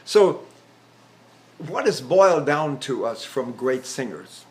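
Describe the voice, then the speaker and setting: A man's voice: medium pitch, big pitch swings, takes it slowly, darkish tone. A man in his eighties, a voice teacher, giving a chatty lecture on vocal technique and breaking into sung examples. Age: 80s.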